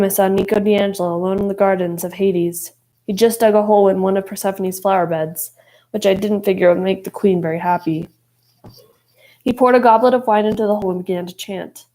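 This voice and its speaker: A woman's voice: medium pitch, mellow, poor audio. A woman narrating an audiobook expressively, voicing each character. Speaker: audiobook reader.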